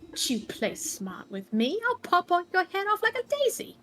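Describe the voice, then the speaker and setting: A woman voicing a blunt, cranky old witch granny in a fairytale game, gruff and grumbling. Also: a little high, measured pace, slight background noise, lightly acted. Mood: threatening.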